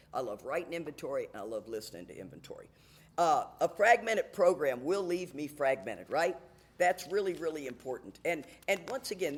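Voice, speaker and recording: A woman's voice: low-pitched, a little hiss or hum. An older woman speaking at a recovery meeting, telling personal stories in a frank, chatty way and laughing often. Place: AA meeting room.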